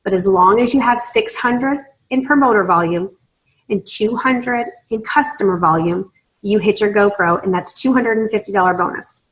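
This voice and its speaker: A woman's voice: medium pitch, normal speed, low-quality recording. A woman leading a sales training session, talking in a persuasive, conversational way and often checking in with her listeners. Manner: persuasive, conversational, checks in with "right?" and "you understand?". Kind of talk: training talk to a group.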